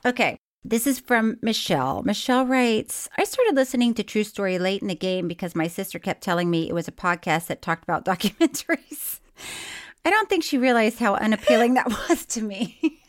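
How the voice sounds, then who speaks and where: A woman's voice: mid-range voice, brisk. A woman co-hosting a chatty podcast, laughing often and reading listener mail aloud with quirky emphasis on odd words. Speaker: podcast co-host. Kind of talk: casual podcast chat.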